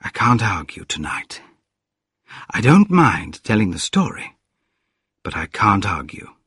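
A man doing a weary, hushed gentleman inventor. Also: lowish voice, big pitch swings, measured pace, breathy edge, no room sound, studio quality, exaggerated voice. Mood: tired, hushed. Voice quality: quiet, worn-out and hushed.

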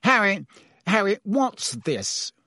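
A man playing a fussy, placating government official from a storybook, raised in pitch and bobbing up and down as he soothes and frets, recorded dry and close. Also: big pitch swings, slow, sharp tone, no room sound, full character voice. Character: anxious, placating middle-aged male official.

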